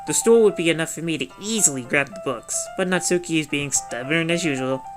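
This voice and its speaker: A woman's voice: sits low, fairly quick. A woman reading a visual novel aloud with playful side comments. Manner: playful, laughs at the script. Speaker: game reader. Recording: clear background music.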